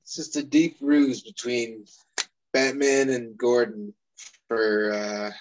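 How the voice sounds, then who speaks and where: A man's voice: mid-range voice, steady tone, takes it slowly, muffled recording, a little hiss or hum. A man making dry, sarcastic jokes in a casual film discussion.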